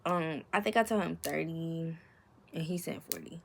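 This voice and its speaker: A young woman, telling a story in a casual vlog, animated and swearing often as she acts out the quotes. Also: low voice, moderate pace, creaky, slight background noise. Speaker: storytime vlogger.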